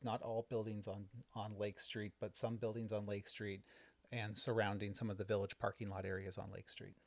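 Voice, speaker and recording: A fairly low-pitched young adult man talks through local government matters at home for a podcast. He explains things in a relaxed, unhurried way, full of ums and self-corrections. The sound is close and dry, with no room echo. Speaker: village trustee and podcast co-host. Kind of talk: casual podcast chat recapping a board meeting.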